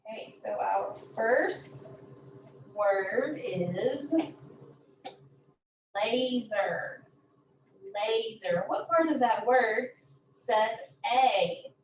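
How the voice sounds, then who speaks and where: A woman teaching a phonics lesson, saying each word slowly and repeating it several times. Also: on the high side, noisy background. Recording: echoey room from a distance.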